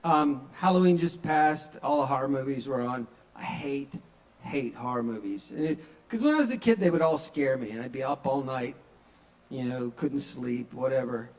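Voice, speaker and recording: A man's voice: mid-range voice, normal speed, a little mellow, low-quality recording. A man under forty-five doing a stand-up set at an open mic in a small bar, telling stories in a loose conversational way and acting out the people in them. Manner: conversational storytelling, acts out quoted voices.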